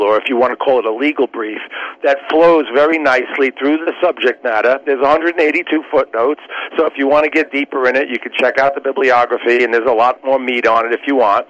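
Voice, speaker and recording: A man of middle pitch makes his case like a trial lawyer, earnest and explanatory. His voice comes through a dull, muffled radio sound as he lays out his points to the audience. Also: fairly bright tone. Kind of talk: persuasive radio interview answer.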